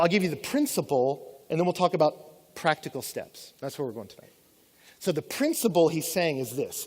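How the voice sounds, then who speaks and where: A high-voiced man delivers a sermon with lots of energy, switching into playful voices for the people he quotes. His voice rings out with a long reverb, as in a large church hall. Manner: animated, acts out quoted voices. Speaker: pastor.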